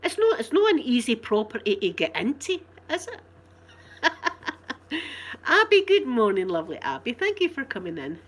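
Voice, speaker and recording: A woman's voice: fairly high pitch, wildly swooping pitch, moderate pace, husky. A woman with a Glasgow accent chatting casually with her live viewers, rambling and laughing often. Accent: Scottish, Glasgow. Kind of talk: casual live-stream chat.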